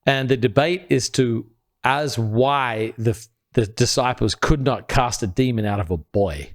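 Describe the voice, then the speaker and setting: A man co-hosting a talk show, explaining a Bible passage in an earnest, step-by-step teaching style, and dropping quiet and low when he quotes scripture. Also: a little slow. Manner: earnest, builds points step by step. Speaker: podcast co-host.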